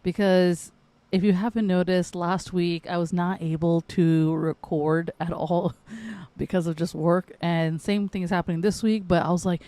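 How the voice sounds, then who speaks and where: A woman's voice: fairly low pitch, fairly even intonation, normal speed, mellow, no echo. A young adult woman from the northeastern United States hosting a casual solo podcast, rambling, correcting herself and laughing often. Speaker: podcast host.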